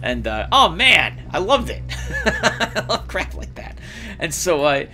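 A man hosting a let's play, chatting casually and rambling excitedly as he plays, laughing often. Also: high voice, slow pace, faint music behind. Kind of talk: casual gameplay commentary.

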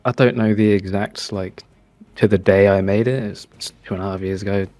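Low-voiced man, short defensive answers. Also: steady tone, brisk, mellow, dry recording. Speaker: contestant. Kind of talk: answering quiz questions.

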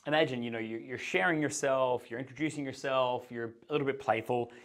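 Man coaching in a lively explanatory voice. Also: a little fast. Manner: explanatory, shifts pace and pitch to act out examples. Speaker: dating coach. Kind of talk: instructional talk to camera.

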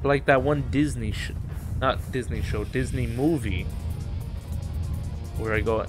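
A man's voice: mid-range voice, measured pace, long pauses. A man streaming a monster-fighting video game live, commentating with lots of swearing, laughter and outbursts at his opponents. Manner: excitable, profane, laughs a lot, talks to the game. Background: game music and sound effects.

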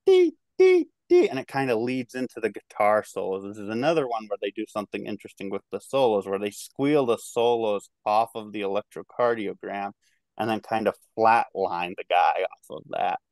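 A man in his thirties reviews an album casually on a music podcast, rambling with lots of fillers and restarts. He speaks in a lowish voice with a slight twang and a twangy Midwestern American accent, with no echo.

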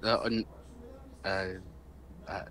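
A man's voice: on the low side, fairly even intonation, takes it slowly, fairly bright tone. A young man from Texas chatting casually while gaming, hesitant and sheepish.

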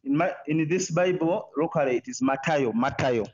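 Hesitant, polite caller on dull audio. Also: male voice, fairly high pitch, moderate pace. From Africa. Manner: hesitant, polite, full of fillers. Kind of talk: call-in debate.

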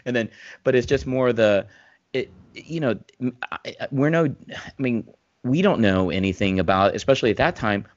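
This former physician co-hosts a laid-back podcast in a mid-range voice with lively intonation and a moderate pace. He talks in long, rambling runs, restarting often and turning emphatic, on a dull, dry remote mic with no room sound.

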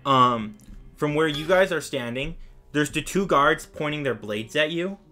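A man's voice: fairly high pitch, animated, measured pace, bright, forceful tone, faint music behind. A young man narrating a tabletop game as game master, casual and rambling, with lots of fillers. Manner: casual, rambling, full of "like" and restarts.

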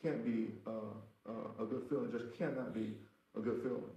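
A man's voice: fairly low pitch, fairly even intonation, moderate pace, warm tone. A man preaching a sermon as pastor, emphatic, repeating his phrases and speaking straight to the congregation. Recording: roomy echo.

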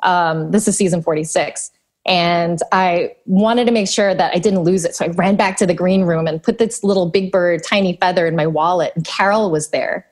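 A woman's voice: on the low side, fairly even intonation, moderate pace, a little mellow. A woman, a puppeteer, telling an earnest, wide-eyed story. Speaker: puppeteer mentee. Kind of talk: casual anecdote.

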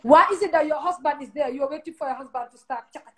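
A woman's voice: high voice, quick pace, soft background music, poor audio. A woman with a Gambian accent giving blunt, emphatic relationship advice in casual chat, slipping into local-language phrases. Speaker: advice giver.

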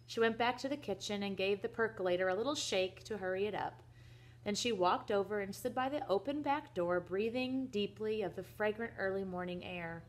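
A young woman reading a children's book aloud in a soft, gentle voice that at times drops almost to a whisper. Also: medium pitch, moderate pace. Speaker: reader to children.

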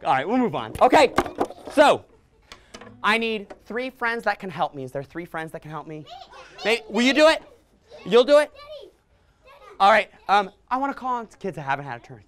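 A woman in her thirties teaching young children letter sounds in a library, playful and animated, making silly sounds and growls for them to copy. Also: mid-range voice, moderate pace, pauses often. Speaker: children's entertainer. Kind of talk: interactive children's phonics lesson. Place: public library room with children. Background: faint ukulele.

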